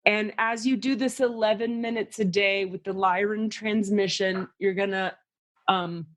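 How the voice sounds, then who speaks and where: A woman hosting a casual spiritual podcast who channels and describes energies, animated and quick to swear. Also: mid-range voice. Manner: animated, swears freely, acts out voices and sounds. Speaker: psychic channeler and podcast host.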